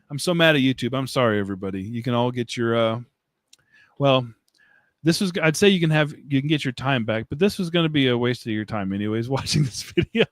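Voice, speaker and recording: Man, live-stream host, mid pitch, dry close mic, loose self-mocking chatter with frequent laughs. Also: dry recording. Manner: rambling and self-mocking, laughs often, answers chat comments. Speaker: livestream host. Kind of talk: casual live-stream chat. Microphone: desk mic, streaming setup.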